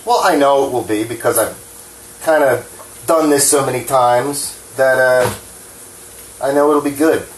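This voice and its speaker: Unhurried and pausing often, this medium-pitched home cooking vlogger from New Jersey chats frankly in his kitchen, cursing and making jokes at his own expense. His hands tremble slightly, and the echoey room carries faint clatter and a little noise.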